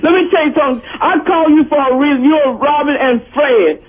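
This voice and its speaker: A woman calling in, shouting profane insults in a very combative way over a dull phone line. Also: high-pitched, brisk. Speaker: caller.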